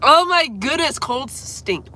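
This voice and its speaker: A young woman with a high, expressive voice speaks slowly in a pushed, bright tone while livestreaming from home. The livestreamer and singer chats casually, congested from a cold and apologizing as she coughs through it.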